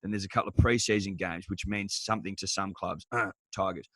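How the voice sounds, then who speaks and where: A man's voice: deep voice, steady tone, a little fast, a bit bright, no room sound. Australian man ranting about sport. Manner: emphatic, ranting, profane. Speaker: podcast co-host. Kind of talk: casual sports chat.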